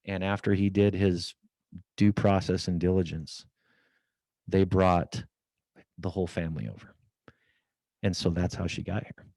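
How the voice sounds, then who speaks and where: A deep, gravelly voice belongs to this middle-aged podcast guest, who speaks at a measured pace with long pauses. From an office at company headquarters, he tells a lively story and performs the quoted dialogue. No echo is audible.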